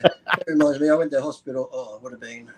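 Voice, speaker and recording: A man's voice: mid-range voice, quick pace, rough recording. A man chatting as a podcast guest, telling a crude story with bursts of laughter. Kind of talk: casual chat.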